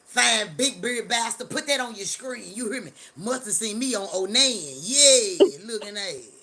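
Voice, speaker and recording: A middle-aged woman hosting a live stream, talking in a loud, profane, joking rant. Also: medium pitch, animated, normal speed, crowd noise. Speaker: livestream host. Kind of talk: casual live-stream chat.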